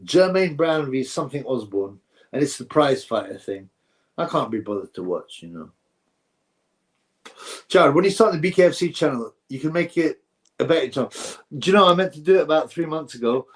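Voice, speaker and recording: Speaking fairly fast with lively intonation, a man with a slightly high voice hosts a boxing livestream. Through a streaming setup mic, he rambles over viewer comments and tosses out blunt opinions.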